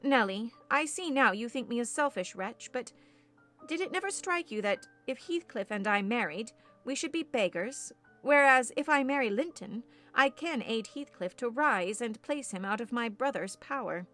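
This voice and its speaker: Brief: fervent headstrong young woman, read by a woman narrator, higher-pitched, declaiming over faint music. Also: expressive, moderate pace, fairly bright tone. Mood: indignant. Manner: impassioned, declamatory. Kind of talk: audiobook character reading.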